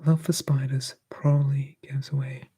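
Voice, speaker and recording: A man streaming live ASMR, whispering softly and answering chat in a relaxed way. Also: mid-range voice, normal speed, a little hiss or hum.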